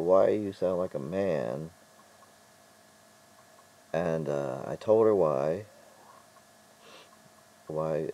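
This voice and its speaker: A middle-aged man telling stories in a casual vlog monologue, rambling and halting with frequent restarts. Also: rumbling low, dark tone, poor audio. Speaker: vlogger.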